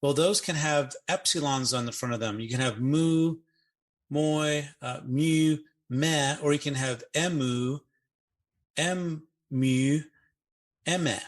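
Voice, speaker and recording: Man explaining grammar in casual chat. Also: a little high. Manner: explanatory, spells out forms slowly, playful asides. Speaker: Greek grammar podcast co-host. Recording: podcast audio.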